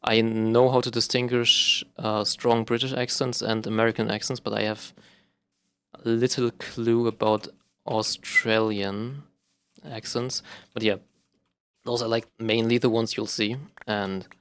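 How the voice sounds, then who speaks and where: Young man, lowish voice, smooth and clear, casual rambling monologue, frequent ums and self-corrections. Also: level tone, measured pace, fairly bright tone. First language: German. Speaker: vlogger.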